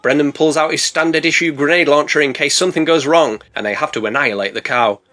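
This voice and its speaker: A man narrating a comedic film recap, sarcastic and deadpan, full of puns. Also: fairly high pitch, quick pace. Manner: sarcastic, punning, deadpan asides. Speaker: film reviewer.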